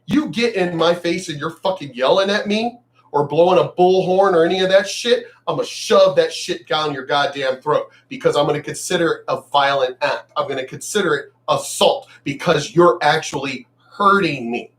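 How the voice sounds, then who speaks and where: A man ranting bluntly on his vlog, cursing freely and swinging between loud outbursts and quieter asides. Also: a little high, moderate pace. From United States. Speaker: vlogger.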